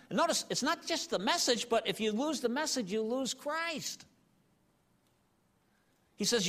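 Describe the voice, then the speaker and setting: High-voiced, animated preacher man; bright, long hall reverb. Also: unhurried, pauses often. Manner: animated, conversational, with filler "you know" and "he's like". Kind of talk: sermon.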